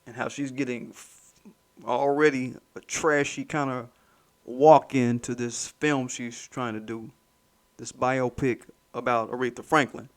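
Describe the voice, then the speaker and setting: A man's voice: medium pitch, steady tone, measured pace. A man hosting his own commentary channel, ranting in a heated, mocking, profane way and repeating points for emphasis.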